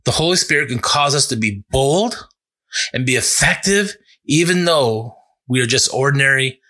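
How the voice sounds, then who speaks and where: A male pastor giving a sermon in an earnest, conversational way, building to emphatic peaks and dropping low for reflective points. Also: expressive, moderate pace, pushed and bright. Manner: earnest, conversational preaching with restarts and rising emphasis.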